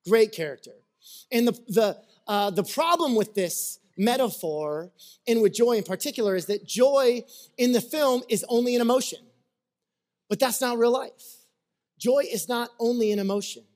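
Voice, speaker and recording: Man, pastor, lively conversational sermon with acted-out anecdotes. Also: sits high. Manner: animated storyteller, acts out little scenes; conversational, checks in with listeners.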